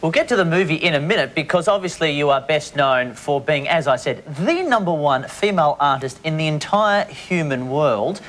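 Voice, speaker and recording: A man's voice: on the high side, animated, moderate pace, few pauses, a bit bright. A man hosting a talk show interview, cheeky and joking.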